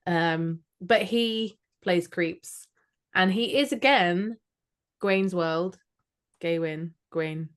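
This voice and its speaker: A woman's voice: on the low side, takes it slowly, clean tone. A British woman co-hosting a podcast, chatting in a rambling, jokey way. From Britain. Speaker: podcast co-host. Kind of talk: casual chat.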